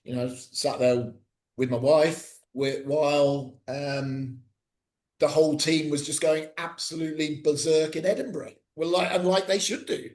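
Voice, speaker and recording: A middle-aged man, a podcast guest, speaking casually with many pauses, fillers and restarts. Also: fairly high pitch, fairly even intonation, a little mellow. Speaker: guest, cricket coach.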